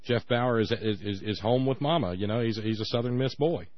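A man co-hosting a radio show, telling folksy anecdotes and repeating words as he gathers his thoughts. His voice sits lowish. The audio is dull, lo-fi and dry. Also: fairly quick, dry recording. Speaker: radio co-host. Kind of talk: casual radio chat.

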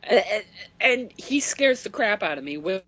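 A man calling in to a radio show, talking in a halting, self-deprecating way. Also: high-pitched, sing-song, pushed and bright, no room sound, lo-fi sound, soft background music. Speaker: caller. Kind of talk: call-in radio chat.

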